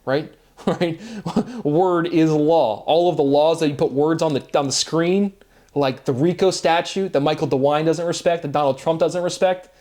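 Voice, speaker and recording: A man's voice: a little high, normal speed, dark tone. A man speaking a rambling solo monologue, free-associating wordplay, asking himself rhetorical questions and tagging lines with "right?". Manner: often tags lines with "right?" and chuckles at himself. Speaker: solo video monologue host.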